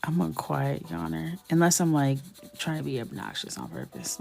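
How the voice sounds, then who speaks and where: A woman's voice: sits low, moderate pace, creaky, darkish tone, faint music behind. A young woman chatting casually with viewers as she colors, telling stories, often dropping to a whisper and laughing. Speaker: coloring livestream host. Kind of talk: casual chat while coloring.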